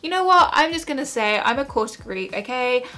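Giggly woman, high voice. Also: expressive, bright, forceful tone. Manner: giggly, self-mocking, sounds out words haltingly. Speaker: YouTuber. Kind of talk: casual vlog chat. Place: at home.

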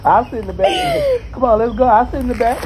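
A woman's voice: on the high side, huge pitch swings, fairly quick, heavy background noise. A woman doing a comedy animal voice-over as a stubborn male dog, whiny and full of sassy slang. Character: stubborn male dog refusing to leave car.

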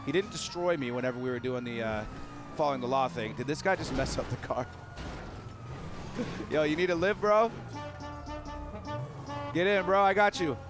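A hoarse young man hosting a gaming channel, giving hyped, giggly commentary while he plays and shouting when things get exciting. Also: mid-range voice, normal speed, long pauses, music in the background.

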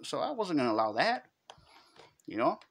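At a normal speed, a middle-aged man talks in a fairly high, fairly bright voice with big pitch swings. Carrying a Chicano accent from Los Angeles, he tells a casual story in street slang, acting out each quote.

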